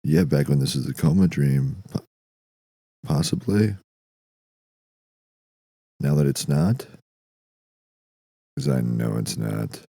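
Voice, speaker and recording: Deep gravelly deadpan man. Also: a little slow, long pauses, no room sound. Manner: dry, deadpan, profane. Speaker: podcast host. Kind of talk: deadpan comedic monologue.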